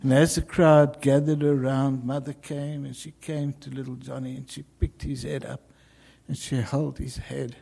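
A man preaching a sermon, telling a story dramatically, with sudden loud calls and hushed, whispered passages. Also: medium pitch, level tone, moderate pace, gravelly, slightly rough.

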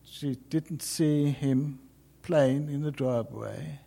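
A man preaching a sermon, telling a story dramatically, with sudden loud calls and hushed, whispered passages. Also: on the high side, slow pace, vocal fry.

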